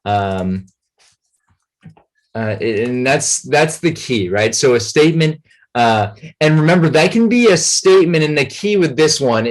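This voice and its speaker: A man giving a relaxed, rambling grammar lesson as a tutor, full of fillers and check-ins with his students. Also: medium pitch.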